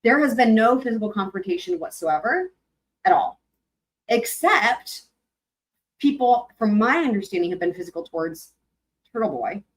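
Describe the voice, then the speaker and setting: A woman hosting a live stream, reading court filings aloud and commenting on them in a chatty, animated way. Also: fairly high pitch, normal speed, long pauses, low-quality recording. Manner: chatty, animated, breaks into sung snippets.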